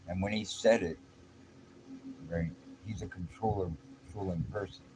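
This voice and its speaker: Speaking at a normal speed and pausing often, a middle-aged vlogger shares something from his own life. He's casual, blunt and streetwise, using lots of slang and frequent restarts in a very low voice, over constant background noise.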